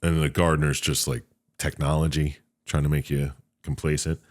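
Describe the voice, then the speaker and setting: A man with a very deep, low voice, chatting casually as a podcast co-host. He retells a story loosely and rambles, with plenty of swearing. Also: flat delivery, moderate pace. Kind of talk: casual chat, recapping a game's plot.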